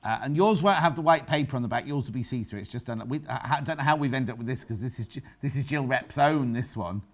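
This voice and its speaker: A woman's voice: a bass voice, fast. A middle-aged woman presenting a live TV sewing demonstration as a quilting expert, chatty and bantering with crew and viewers.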